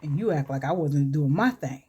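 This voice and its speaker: Woman beauty vlogger, low-ish voice, chatty storyteller who laughs and gushes as she works. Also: lively intonation, normal speed, mellow, slightly rough. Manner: chatty, laughs often, gushing exclamations. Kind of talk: storytelling during a makeup tutorial.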